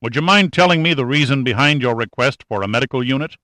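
A man voicing a gruff admiral with an explosive temper, heard over a radio speaker in the story. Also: mid-range voice, expressive, no echo. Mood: measured. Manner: bursts out loudly, then measured.

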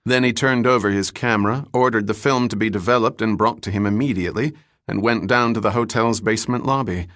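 A male audiobook narrator reading in a measured, even way. His voice sits low and is recorded close, with a dry, unechoing sound. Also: no room sound. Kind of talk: scripted narration.

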